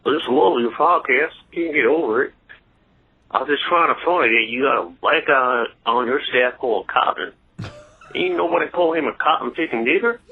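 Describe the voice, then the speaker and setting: A man's voice: mid-range voice, moderate pace, breathy edge, phone-quality sound, voice pushed down. A man doing a folksy racist old-timer. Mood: smug. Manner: drawling, crude joking.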